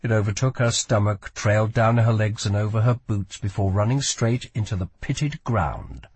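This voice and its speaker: A man narrating a fantasy novel as an audiobook, reading in a measured, dramatic way. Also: fairly low pitch, a little mellow, breathy edge, no room sound. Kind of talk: scripted narration.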